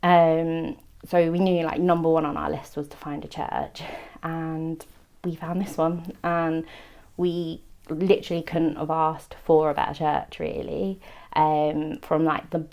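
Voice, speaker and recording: Young woman, gravelly, lowish pitch, casual chat. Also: little pitch movement, a little slow, a little mellow. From England, outside London. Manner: chatty, laughs often, quotes herself. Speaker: interviewee.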